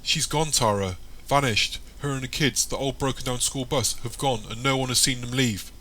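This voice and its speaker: A man's voice: medium pitch, moderate pace, bright, forceful tone, slight background noise, close to an everyday voice. A man voicing a distraught young man who pleads and frets over a missing friend. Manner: strained, pleading.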